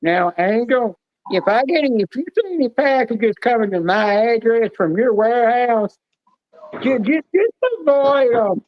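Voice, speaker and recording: A man's voice: extremely high pitch, lively intonation, moderate pace, no room sound, highs cut off. A man joining a stream chat, teasing and joking in a casual way. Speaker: guest on a stream.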